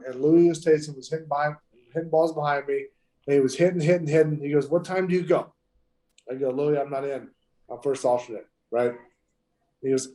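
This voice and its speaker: A man's voice: on the high side, a little mellow. A man, a professional golfer, telling stories in casual podcast chat, emphatic and heavily profane. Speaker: pro golfer guest. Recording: echoey room.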